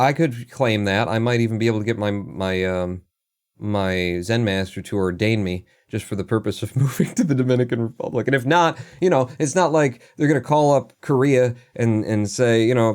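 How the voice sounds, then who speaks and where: A man's voice: fairly low pitch, darkish tone. A man livestreaming, rambling through casual commentary in a sardonic and profane way. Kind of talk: casual live-stream commentary.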